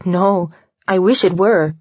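A woman's voice: on the low side, slow, a little mellow, breathy edge, no echo, highs cut off. A woman narrator voicing a polite, nervous young woman who speaks carefully.

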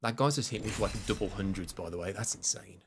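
A man from Birmingham with a light, mostly suppressed Brummie accent, chatting and reacting excitably while streaming a game. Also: fairly low pitch, quick pace, vocal fry. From Birmingham, England. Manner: excitable, chatty, shouts at big moments. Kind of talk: live gameplay commentary. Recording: noisy game audio under voice.

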